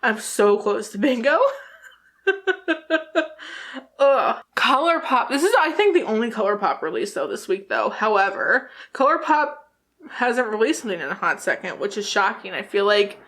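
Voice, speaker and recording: A woman's voice: medium pitch, very animated, moderate pace, a bit bright. A woman from New Jersey chatting through a makeup vlog while tipsy, rambling, giggling and swearing freely. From New Jersey, USA. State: tipsy from drinking. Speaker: makeup YouTuber. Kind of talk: casual vlog chat.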